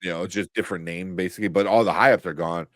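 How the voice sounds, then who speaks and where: A man's voice: deep voice, fairly even intonation, very fast, a bit bright, no echo, clean studio sound. A man co-hosting a live show, talking casually with many fillers and restarts and laughing often. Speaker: podcast co-host reading chat. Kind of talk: casual live-stream chat.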